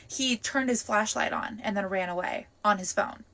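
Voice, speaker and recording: A woman's voice: medium pitch, a little fast, hardly any pauses. A young woman telling her own camping story in a casual vlog, talking animatedly with lots of fillers and restarts. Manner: breathless, animated retelling with many fillers.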